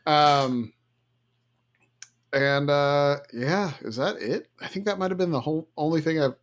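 A man's voice: fairly high pitch, measured pace. A man in his thirties co-hosting a casual podcast, joking and playfully exaggerating. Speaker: podcast co-host. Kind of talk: casual chat.

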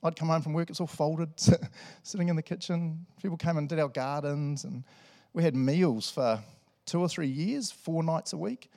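A middle-aged man with a New Zealand accent preaching a sermon in a relaxed, conversational way, laughing often and tagging lines with "eh" and "right". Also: a little high, moderate pace, gravelly. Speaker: pastor. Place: church hall with congregation.

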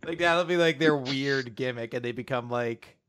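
A man's voice: medium pitch, a little slow, a bit bright. A man co-hosting a podcast, chatting casually with an enthusiastic, joking manner and many fillers. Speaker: podcast co-host. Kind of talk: casual chat about a comic.

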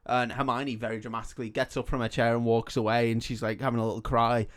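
A man's voice: medium pitch, flat delivery, quick pace. A man co-hosting a podcast, recapping a film in casual, sweary chat and laughing often. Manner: sweary, laughs often, acts out characters in quotes. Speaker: podcast co-host.

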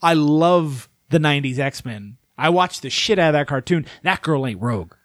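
Animated Southern American man ranting. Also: moderate pace, no echo. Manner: animated, swearing, rants with big pitch swings. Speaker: podcast co-host. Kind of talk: casual chat.

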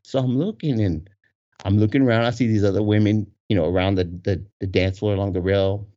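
A man telling a casual story with animated energy, laughing often and acting out the voices of the people in it. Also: on the low side, fairly quick. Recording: dull lo-fi recording.

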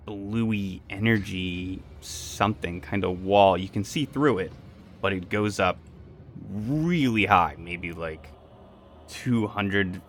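A man's voice: low voice, slow pace, a little hiss or hum. A man narrating a tabletop game as game master, describing scenes vividly and making sound effects.

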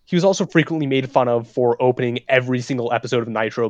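A man in casual podcast chat, animated and profane, filling his talk with "like". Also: mid-range voice, rapid-fire, dry recording. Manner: animated, profane, says "like" a lot. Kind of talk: casual chat about wrestling.

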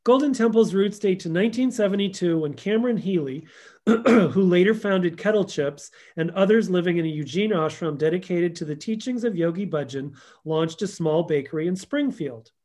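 Brief: man, interview guest, higher-pitched voice, storytelling, acts out quotes. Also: normal speed, darkish tone. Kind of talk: conversational podcast interview.

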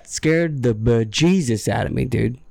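A middle-aged man hosting a podcast, telling a story in an easygoing, chatty way. His pitch sits in the middle, and the sound is dry, with no room echo. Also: unhurried, creaky, a little mellow. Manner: easygoing storyteller, chuckles often. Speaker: podcast host. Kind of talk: casual storytelling chat.

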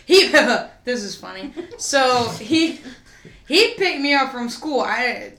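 A woman telling stories in casual chat, profane and animated, often acting out what others said. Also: sits high, slow pace, a little hiss or hum. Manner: profane, animated storyteller who acts out quotes. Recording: roomy echo.

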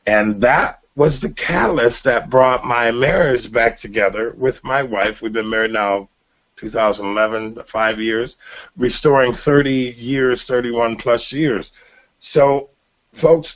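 A middle-aged man hosting a faith talk show, sharing an emotional personal testimony in an earnest, preacherly way with many restarts. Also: mid-range voice. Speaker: radio show host. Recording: dull lo-fi broadcast audio.

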